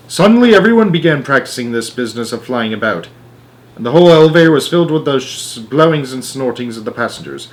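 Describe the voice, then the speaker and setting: A man reading a children's storybook aloud. His voice has a medium pitch, and he narrates with expressive, animated delivery. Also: fast talker.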